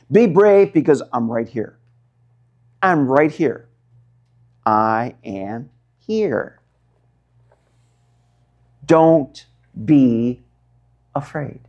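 A man preaching a sermon at a slow, deliberate pace. His voice sits a little high for a man, and he stretches out words for dramatic emphasis, swinging between hushed and loud. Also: animated, lo-fi sound. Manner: dramatic, drawn-out emphasis with wide swings in pitch and loudness. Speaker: pastor.

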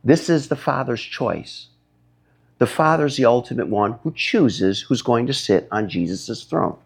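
A man preaching a sermon, emphatic, his voice rising high when he gets stirred up. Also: expressive, unhurried, creaky, slightly rough. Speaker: pastor.

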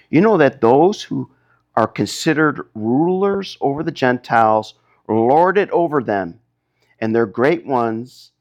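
A man preaching a sermon, emphatic, his voice rising high when he gets stirred up. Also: creaky. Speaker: pastor.

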